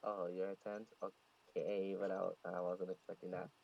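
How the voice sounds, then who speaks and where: Low gravelly man chatting casually. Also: level tone, moderate pace, muffled recording, a little hiss or hum. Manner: interrupting, chatty asides. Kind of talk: casual chat. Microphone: voice call.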